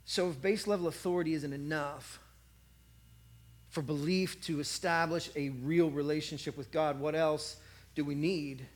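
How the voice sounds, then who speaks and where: A man's voice: a little high, fairly even intonation, normal speed. A man preaching a sermon, telling a story and acting out the voices of a cheering crowd.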